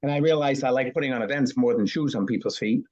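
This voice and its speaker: A man's voice: medium pitch, fast talker, darkish tone, lo-fi sound. A man in his sixties telling stories as an interview guest, punchy, asking and answering his own questions. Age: 60s. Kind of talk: storytelling interview.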